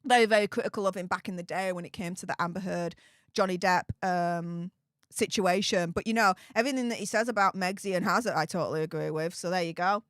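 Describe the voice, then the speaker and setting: A woman's voice: lowish voice, fairly even intonation, fast talker, a bit bright, no room sound, studio quality. A woman hosting a casual live stream, reading chat messages and answering them bluntly, with frequent laughs and fillers. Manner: chatty and blunt, laughs often, many fillers.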